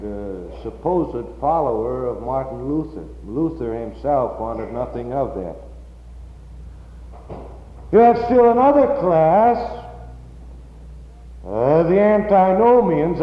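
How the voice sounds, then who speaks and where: A pastor preaching a sermon slowly and emphatically, building to loud high peaks on key words. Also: male voice, reverberant, in a large hall, lo-fi sound.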